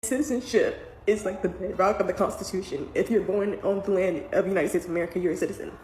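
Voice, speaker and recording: A woman, a mother, giving emotional vlog commentary while trying not to cry, her talk earnest and halting. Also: medium pitch, a little mellow. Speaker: parent commenting on the news. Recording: echoey room with faint background noise.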